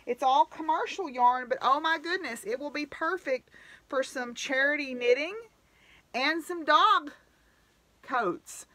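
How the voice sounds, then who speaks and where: Bright-voiced woman gushing over gifts. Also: high voice, a little slow, no room sound. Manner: gushing, grateful, chatty with laughs. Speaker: knitting podcast host. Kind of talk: casual chat to camera.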